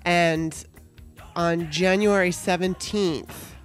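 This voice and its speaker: A woman's voice: lowish voice, fairly even intonation, slow, soft background music. A woman hosting her own podcast, talking casually in a chatty, irreverent way and swearing now and then. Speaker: podcast host. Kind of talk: casual monologue.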